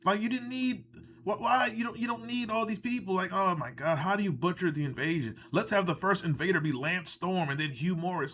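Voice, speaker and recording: A man with a somewhat high voice rants through a casual live reaction stream. He is sarcastic and swears freely, drifting off into rambling asides. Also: normal speed, fairly bright tone, slight background noise. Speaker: livestream host reacting to wrestling.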